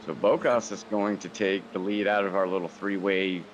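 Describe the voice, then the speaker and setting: A man co-commentating a sim race, calmly explaining drafts, braking and racing lines. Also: sits low, moderate pace, dull audio, a little hiss or hum.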